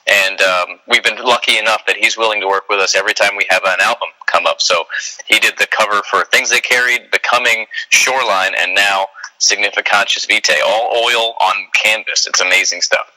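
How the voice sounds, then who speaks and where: A man who sings in a band, talking casually as a radio guest, relaxed and rambling with lots of fillers. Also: lowish voice, a little fast, poor audio. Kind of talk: casual phone interview.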